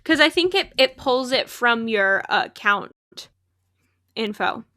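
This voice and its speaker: A woman's voice: on the high side, lively intonation, unhurried, bright, forceful tone. A young woman chatting casually as she plays a game on a live stream, talkative and laughing often at her own remarks. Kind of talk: casual chat while playing a game.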